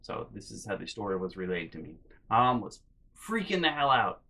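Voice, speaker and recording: Young male storyteller, rambling and animated, bright voice with a swinging pitch. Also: fairly quick, gravelly. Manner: rambling, animated, with loud acted-out outbursts. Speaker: storytelling vlogger. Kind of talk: comedic personal storytelling.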